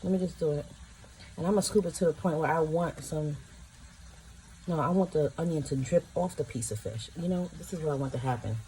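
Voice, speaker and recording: A woman's voice: sits low, a little fast, warm tone, a little hiss or hum, poor audio. A woman filming a casual food-tasting vlog at home, chatty and emotional, exclaiming over what she eats. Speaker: vlogger. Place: home, in pajamas.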